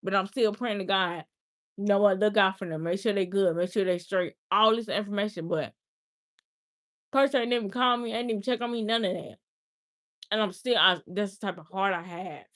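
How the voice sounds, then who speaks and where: A woman's voice: medium pitch, moderate pace, fairly bright tone. A woman hosting a casual livestream, talking earnestly and repeating herself. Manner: earnest, repetitive, heartfelt talk. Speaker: livestream host.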